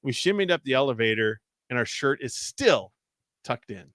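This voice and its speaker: A man's voice: medium pitch, animated, normal speed, a bit bright, no room sound, studio quality. A man co-hosting a podcast, chatting in an easygoing, laid-back way. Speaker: podcast co-host. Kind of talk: casual chat.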